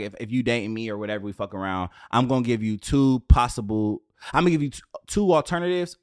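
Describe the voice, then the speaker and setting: A man in his late twenties talking casually as a podcast host, animated and profane with streetwise slang, in a dry room on camera. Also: medium pitch, no echo. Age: 20s. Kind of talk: casual solo rant.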